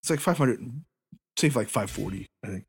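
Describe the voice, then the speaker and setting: A man's voice: lowish voice, lively intonation, brisk, creaky, slightly rough. A middle-aged man co-hosting a podcast in casual chat, rambling, laughing and swearing a lot. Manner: profane, giggly, rambling. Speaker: podcast co-host.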